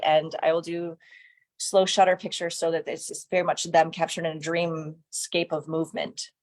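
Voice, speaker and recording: A woman's voice: low-pitched, level tone, normal speed, a little mellow. A woman photographer talking as a guest, enthusiastic and laughing often as she acts out what people say. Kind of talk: casual conversation.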